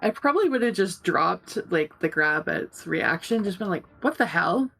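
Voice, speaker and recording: A woman's voice: fairly low pitch, very animated, moderate pace, gravelly, pushed and bright, slightly rough. A woman playing a tabletop game, casually describing what her character does. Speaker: player.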